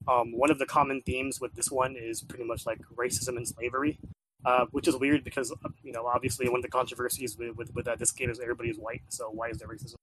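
A man chats casually about a video game he has been playing. He rambles, using lots of filler words and repeating himself as he restarts sentences. His voice sits at a middle pitch, and there is a faint hiss in the background. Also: little pitch movement, fast, fairly bright tone, poor audio. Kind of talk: casual chat.

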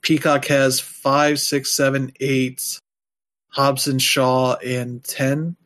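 A man's voice: mid-range voice, flat delivery, extremely slow, a bit bright. A man chatting casually as a podcast co-host, rambling loosely with lots of fillers and dropping wry, offhand asides. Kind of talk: casual chat.

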